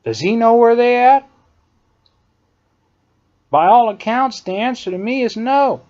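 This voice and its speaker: A man's voice: extremely high pitch, lively intonation, measured pace, a little mellow. A man delivering an emphatic, indignant opinion monologue, hammering his points by repeating phrases. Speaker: political commentator. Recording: dull lo-fi recording.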